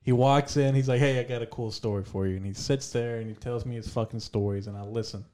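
A man with a dark, mellow voice guesting on a podcast. He teases in a dry, offhand way during loose chat. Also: medium pitch, fairly even intonation, quick pace. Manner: dry, teasing. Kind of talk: casual chat.

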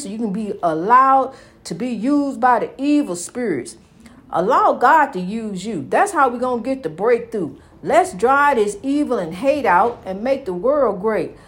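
A woman's voice: on the high side, slightly rough. A woman preaching with fervor, repeating her points and calling the listener "honey". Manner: fervent, repetitive, calls listener "honey". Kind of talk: preaching, inspirational monologue.

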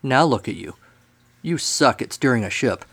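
A man's voice: mid-range voice, lively intonation, normal speed, vocal fry, a bit bright, husky, heavily acted. A man voicing a smug, lazy male sea serpent who taunts in a raised voice. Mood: taunting. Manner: taunting, mocking.

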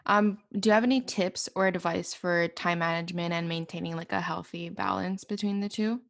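A young woman from Canada, hosting a podcast and asking her guest questions in a casual, relaxed chat. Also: lowish voice, a little fast, creaky. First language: English. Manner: relaxed, asks questions, frequent "like". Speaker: podcast host.

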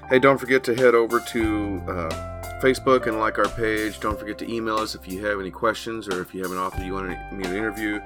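A man's voice: lowish voice, steady tone, fast talker, music in the background. A man hosting a podcast, wrapping up with enthusiastic remarks and a few filler uhs. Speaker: podcast host. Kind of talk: podcast outro.

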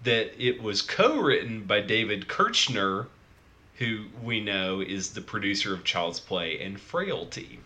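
A man in casual movie chat, sharing trivia in a dry, unhurried way. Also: lowish voice, lively intonation, sharp tone. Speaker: podcast co-host.

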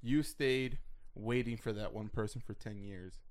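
A man's voice: lowish voice, measured pace. A man co-hosting a podcast who asks the others questions as they talk about a film. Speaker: podcast co-host. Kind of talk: casual film discussion.

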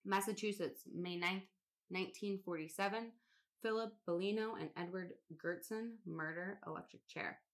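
Lowish voiced woman on a podcast, rattling off a list, casual, swears a bit. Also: normal speed. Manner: casual, swears, laughs at odd names. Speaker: podcast co-host. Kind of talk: casual podcast chat, reading a list aloud.

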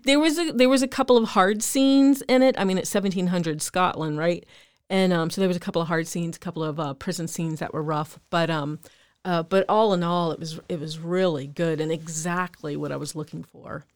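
A woman's voice: lowish voice, steady tone, brisk, no echo, clean studio sound. A woman co-hosting a podcast, chatting candidly and easily. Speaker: podcast co-host. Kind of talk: casual chat.

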